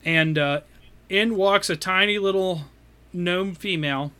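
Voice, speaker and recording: A man runs a tabletop game as game master, narrating loosely and often pausing on fillers. His voice is fairly high and bright. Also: clear, resonant tone. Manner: relaxed, many fillers.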